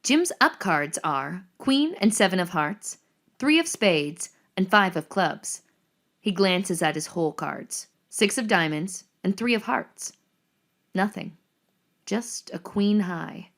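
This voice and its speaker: A woman narrating the action lines of a screenplay reading in a measured, descriptive way. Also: mid-range voice, a bit bright.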